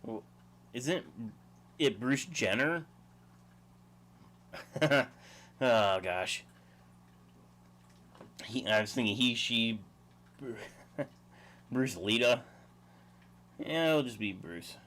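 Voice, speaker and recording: Livestream host, male, easygoing, chuckly, mid-pitched, rambling chat. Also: animated, drawn-out words, pauses often, a bit bright.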